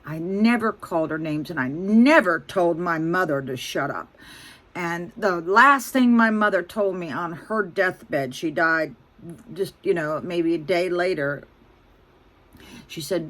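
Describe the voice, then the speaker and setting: Older lady in her 60s venting into her phone, blunt and fed up, kinda low voice. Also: a little slow, a bit bright. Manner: rambling, exasperated, blunt. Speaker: vlogger. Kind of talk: emotional venting to camera.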